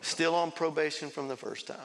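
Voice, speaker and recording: A man preaches his testimony to a congregation, breaking into laughter and acting out voices as he goes. His voice sits a little high, with a bright, gravelly edge. It carries through the long reverb of a big church sanctuary. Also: fairly quick. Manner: storytelling with laughs and acted quotes. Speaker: pastor. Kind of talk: sermon testimony.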